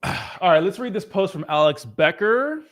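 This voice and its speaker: Young man, livestream host, slightly high voice, offhand, swears a lot. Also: big pitch swings, normal speed, fairly bright tone. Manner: profane, rambling, offhand. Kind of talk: casual chat reading viewer comments.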